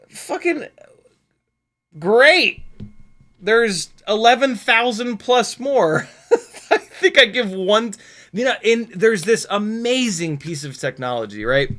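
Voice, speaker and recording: Brief: male host, casual rant, sarcastic and swearing, slightly high voice. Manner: profane, sarcastic, laughing, animated swings in loudness. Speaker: YouTube host.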